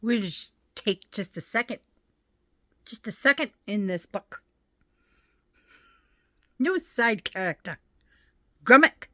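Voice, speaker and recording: A woman chatting casually at home in a book vlog, soft-spoken and often half-whispering. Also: medium pitch, lively intonation, slow, pauses often, no room sound. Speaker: book vlogger.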